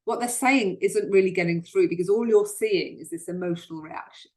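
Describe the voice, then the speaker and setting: A woman's voice: mid-range voice, fairly quick. A woman hosting a solo self-help talk, speaking earnestly and often repeating words as she starts a sentence. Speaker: host.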